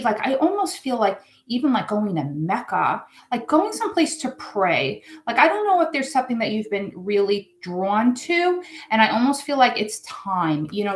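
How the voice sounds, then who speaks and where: A woman giving a live tarot reading, chatting in a rambling, emotional, effusive way. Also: medium pitch. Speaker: tarot reader. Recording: echoey room.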